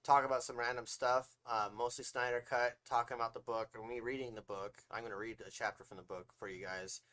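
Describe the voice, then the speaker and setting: A man's voice: mid-range voice, flat delivery, a little fast, bright, forceful tone. Rambling casual man, podcast co-host. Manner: rambling, swears casually, laughs often. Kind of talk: casual livestream chat.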